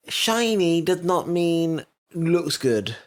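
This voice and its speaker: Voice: mid-range voice, sing-song, extremely slow. A podcast co-host in casual chat, blunt, opinionated and given to swearing. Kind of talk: casual chat reviewing an episode.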